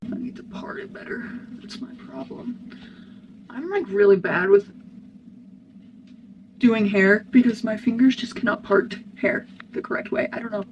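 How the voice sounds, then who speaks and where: In a rough recording with audible background noise, a young woman with a higher voice vlogs while doing her hair in her family room at home. She speaks at a measured pace with frequent pauses, rambling and getting sidetracked as she hops between topics and loses her thread.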